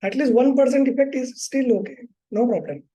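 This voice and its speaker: A man's voice: very high voice, brisk, mellow, poor audio. A man with an Indian English accent teaching a psychology course in an informal way, often asking "okay" and "right". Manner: informal, repeats "okay" and "right", acts out clients. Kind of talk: live online class teaching.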